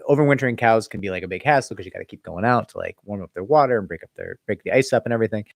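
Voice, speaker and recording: Speaking rapidly in a low, creaky voice, this man is an employment attorney running a live Q&A. He reads out viewer comments and responds casually, peppering his answers with "like" and "right?". The recording has no room sound.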